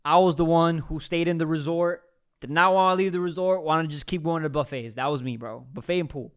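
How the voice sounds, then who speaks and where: A man hosting a reaction video, giving casual commentary in an excitable, teasing, slangy way. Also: fairly high pitch, fairly quick, smooth. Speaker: reaction host.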